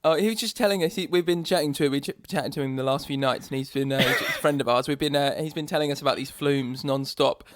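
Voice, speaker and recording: Rambling podcast co-host, dry sound. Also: male voice, on the high side, fast talker, few pauses, no room sound. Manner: rambling, full of ums and restarts. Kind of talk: casual podcast chat.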